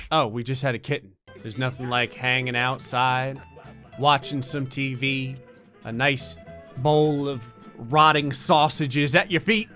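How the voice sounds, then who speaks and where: A man giving comedic, sarcastic commentary while playing a life-sim game, swinging from shrieking excitement to a low menacing mutter. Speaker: gaming commentator. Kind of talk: comedic let's play commentary.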